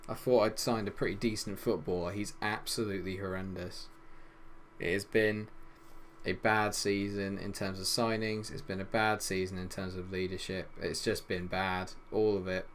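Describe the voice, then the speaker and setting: A young man commentating on his football management game, swinging between loud exasperation and low grumbling. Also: level tone, moderate pace, slight background noise. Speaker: gaming YouTuber.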